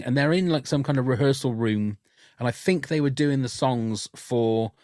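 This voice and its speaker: A man chatting on a podcast, voice at an ordinary middle pitch and recorded close and dry with no room sound. He tells candid stories and often restarts his sentences as he goes. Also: no room sound. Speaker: podcast guest. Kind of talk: casual podcast chat.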